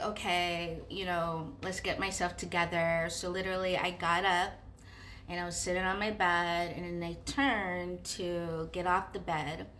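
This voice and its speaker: Bright-voiced woman telling a story. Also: fairly low pitch, a little hiss or hum. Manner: animated, with many fillers and acted-out inner dialogue. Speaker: vlogger. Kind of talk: casual storytelling.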